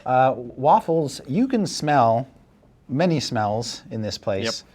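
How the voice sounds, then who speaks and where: A man narrating a tabletop game as dungeon master, describing scenes with animated energy. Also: mid-range voice, takes it slowly.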